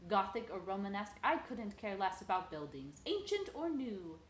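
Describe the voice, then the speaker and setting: A woman's voice: mid-range voice, big pitch swings, moderate pace, a bit bright, reverberant, a little hiss or hum. A woman reading a storybook aloud, voicing a stern schoolteacher who lectures firmly. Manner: firm, lecturing.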